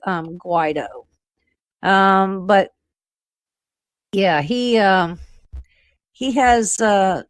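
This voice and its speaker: A woman hosting a talk radio show, speaking in animated, quick bursts with many fillers. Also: medium pitch, dry recording, studio quality. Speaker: radio host and intelligence analyst.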